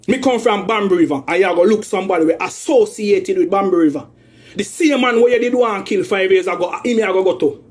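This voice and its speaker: A Jamaican man with a high-pitched voice delivers a heated rant in thick patois. He sounds aggrieved and accusing, circling back over the same points again and again. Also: fairly quick. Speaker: man airing a family dispute.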